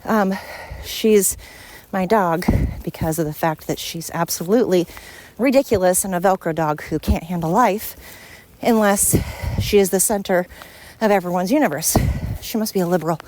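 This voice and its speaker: A woman's voice: lowish voice, normal speed, a little mellow. A woman hosting a podcast, talking at home in a frank, rambling monologue as she vents. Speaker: podcast host. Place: at home with her dog.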